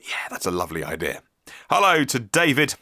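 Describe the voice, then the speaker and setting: A man's voice: mid-range voice, big pitch swings, brisk, pushed and bright, no echo, studio quality. A man hosting a casual solo podcast, chatting enthusiastically and reading out listener emails, thinking aloud as he goes. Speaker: podcast host.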